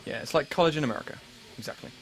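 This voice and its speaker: A man's voice: fairly high pitch, very fast, creaky, fairly bright tone, slight background noise, rough recording. A young man in his late teens with an English accent, chatting casually with viewers on a live stream in a rambling, self-mocking way with many restarts. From England. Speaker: livestream host.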